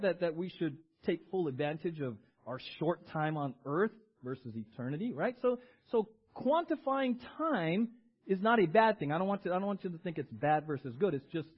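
A male pastor preaching a sermon in an animated way, calling on the congregation to repeat words after him. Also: high-pitched, lo-fi sound.

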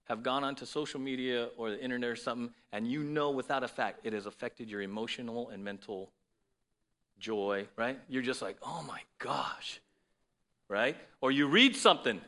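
A man's voice: mid-range voice, brisk, sharp tone. A man preaching a sermon to his congregation, in a conversational style with frequent "right?" asides. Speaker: pastor.

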